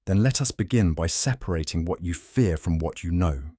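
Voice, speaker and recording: A man voicing a sharp, coolly observant detective who speaks in a crisp, measured, wry way. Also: low voice, lively intonation, no echo, studio quality.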